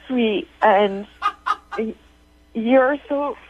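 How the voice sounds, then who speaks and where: A woman's voice: on the high side, extremely slow. Crying woman on a tinny phone line. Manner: tearful, hesitant, apologetic. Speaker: caller.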